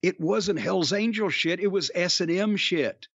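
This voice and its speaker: A man's voice: high-pitched, a little slow, vocal fry, breathy edge, dry recording, lo-fi sound. A man, a former pro wrestler, telling rambling, profane stories in casual chat. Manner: rambling, profane, animated storytelling.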